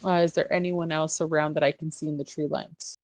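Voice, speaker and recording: A woman playing a tabletop game, thinking out loud with hesitant pauses. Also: sits low, level tone. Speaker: player.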